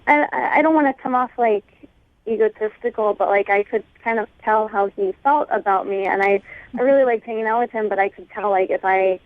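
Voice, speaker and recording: A woman's voice: mid-range voice, fairly quick, dry recording. A woman speaking on a phone call to a radio show, hesitant and filling her speech with "like". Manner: hesitant, lots of "like" fillers. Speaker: caller. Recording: tinny phone line.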